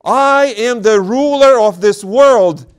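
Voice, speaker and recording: Demon possessing a girl: high, loud, drawn-out and gloating, as a preacher puts it on. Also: smooth. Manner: slow, loud, gloating declarations. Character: boastful demon possessing a young girl, spiteful and proud.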